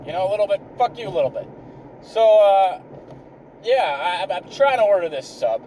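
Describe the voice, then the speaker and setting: A man's voice: high-pitched, expressive, fairly quick, dark tone, distant mic, slight background noise, rough recording. A man telling a comic story in a rambling, exasperated way, swearing constantly.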